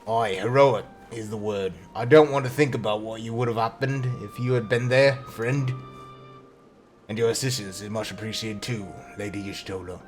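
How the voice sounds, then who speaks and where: A man's voice: fairly low pitch, fairly even intonation, normal speed, close to an everyday voice. A man voicing a hearty, blunt pirate captain in a mock Irish-British brogue, with faint game music behind. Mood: grateful.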